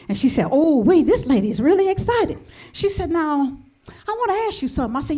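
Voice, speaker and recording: A woman doing stand-up, telling a story with lively dialogue and acting out both sides of phone calls. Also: high-pitched, fast talker. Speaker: stand-up comedian. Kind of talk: stand-up comedy routine.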